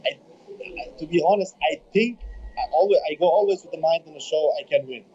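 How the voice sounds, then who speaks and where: In a casual interview, a young bodybuilder in his twenties with a German accent struggles through English, his second language, halting and repeating words as he searches. His voice is a little high but dark in tone, and the dull, lo-fi remote recording carries a little hiss or hum.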